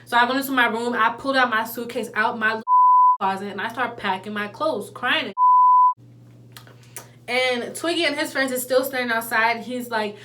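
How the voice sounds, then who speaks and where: A young woman telling a personal story in a casual, slangy, animated way. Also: fairly high pitch, moderate pace. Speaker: vlogger.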